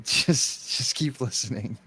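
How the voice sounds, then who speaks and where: A man's voice: mid-range voice, measured pace, sharp tone, slightly rough, dry recording. Dry, teasing American man on a close mic. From United States. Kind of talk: casual chat.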